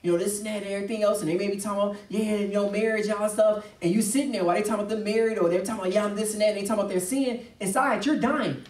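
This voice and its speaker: This male pastor's voice sits high and steady, a little mellow, rushing along very fast with hardly any pauses. He preaches passionately in a discussion, emphatic and acting out quoted voices. A distant mic gives a roomy sound.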